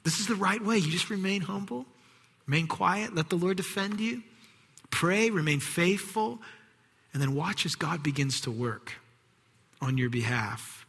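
Man in a church hall preaching, bright and husky, animated, acts out the voices, long reverb. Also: sits high, unhurried. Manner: animated, acts out quoted voices, drops to hushed whispers. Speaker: pastor. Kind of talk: sermon.

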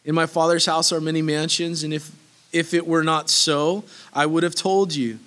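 A man's voice: on the high side, steady tone, normal speed, fairly bright tone. A man preaching a sermon that teaches through Bible verses, earnest and emphatic, repeating key phrases for weight, with casual asides. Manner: casual asides that break into laughter.

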